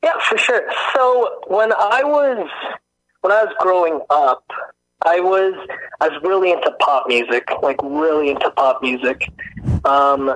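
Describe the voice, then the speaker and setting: A man's voice: fairly high pitch, lively intonation, unhurried, a bit bright, poor audio. A young man, a guest singer-songwriter, chatting easily in a radio interview and laughing between thoughts. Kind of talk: casual interview conversation.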